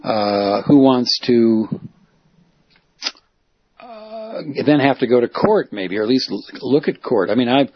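Male reporter-activist, rambling monologue, husky, dull lo-fi audio. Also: medium pitch, no echo. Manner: rambling, digressive, self-correcting. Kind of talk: casual spoken monologue.

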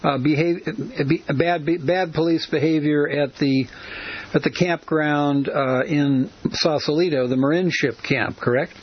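A man's voice: on the high side, fairly even intonation, unhurried, breathy edge, muffled recording. A man hosting a talk radio show, speaking hesitantly with many fillers, on hissy radio audio. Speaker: radio host.

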